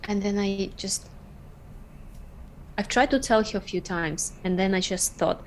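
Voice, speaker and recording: A woman's voice: mid-range voice, a little slow, a little hiss or hum. Earnest woman telling her story. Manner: earnest, emotional, dropping small words. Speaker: podcast guest. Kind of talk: personal storytelling.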